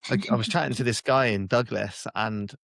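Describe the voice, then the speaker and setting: Male podcast host, low voice, dry recording, easygoing, halting, many ums. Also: gravelly, fairly bright tone, no echo. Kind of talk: casual interview.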